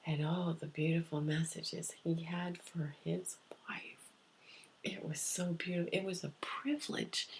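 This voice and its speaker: A woman telling a personal story softly and often near a whisper, repeating her phrases. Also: sits low, vocal fry, slight background noise. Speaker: psychic medium.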